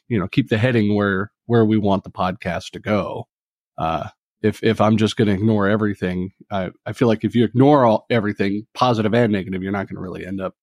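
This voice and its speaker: A man who hosts a podcast, speaking in a measured, hesitant way with frequent pauses in a roundtable discussion. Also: on the low side, darkish tone, no room sound, clean studio sound. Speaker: podcast host.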